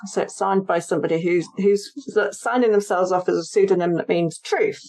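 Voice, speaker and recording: A woman's voice: lowish voice, brisk, hardly any pauses, a little mellow. A woman author and historian being interviewed on a podcast, explaining her research in a chatty way and laughing easily.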